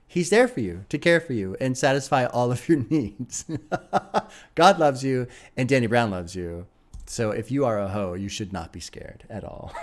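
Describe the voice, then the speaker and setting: A man hosting an album reaction, enthusiastic and laughing often, swearing freely as he talks. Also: mid-range voice. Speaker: music reaction host. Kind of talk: casual album reaction commentary.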